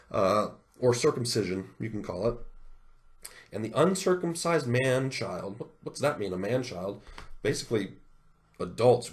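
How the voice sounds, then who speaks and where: Man reading scripture with indignant asides. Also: fairly low pitch. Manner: shifts into solemn reading of verses, then animated indignant commentary. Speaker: video host reading and discussing scripture. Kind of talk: casual reading and commentary.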